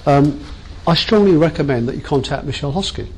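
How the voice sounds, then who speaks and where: A man's voice: on the high side, animated, brisk, darkish tone, slightly rough, low-quality recording. A man leading a workshop training session, chatty and self-mocking as he jokes with the group.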